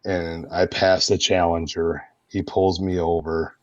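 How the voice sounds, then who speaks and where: Deep-voiced man telling lively stories. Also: a little slow, no room sound, muffled recording. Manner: animated, laughing anecdotes with frequent fillers. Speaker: guest, roleplay streamer. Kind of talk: casual storytelling interview.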